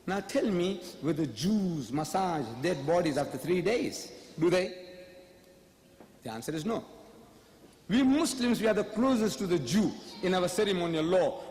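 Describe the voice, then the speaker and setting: A man's voice: fairly high pitch, darkish tone, roomy sound, long reverb tail, a little hiss or hum. A man giving a public debate lecture, firing rhetorical questions at the audience with emphasis.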